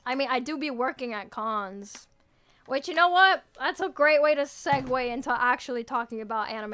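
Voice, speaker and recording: A young woman streams to her viewers in a loose, teasing chat, breaking into laughs and restarting her sentences. Her voice sits high and sounds bright and clean. She answers her chat playfully and keeps the talk rolling. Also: clean tone. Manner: chatty, self-interrupting, laughs often. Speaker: VTuber streamer.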